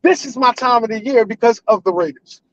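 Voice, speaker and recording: A man in his forties calling in to a live show, ranting loudly and emotionally with heavy cursing. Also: very high-pitched, brisk, no room sound, lo-fi sound. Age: 40s. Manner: loud, emotional and profane. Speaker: caller. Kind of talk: heated fan rant on a live call-in show.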